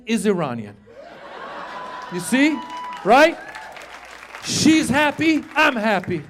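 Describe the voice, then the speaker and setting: A man from Iran performing an animated stand-up comedy set on a club stage, shouting some punchlines. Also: sits high. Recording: live club recording with audience.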